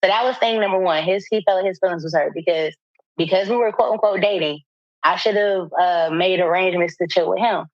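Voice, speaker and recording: A woman co-hosting a podcast who tells a story in a casual chat, animated and profane, laughing often as she talks. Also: fairly low pitch, brisk, no echo, dull audio. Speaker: podcast co-host.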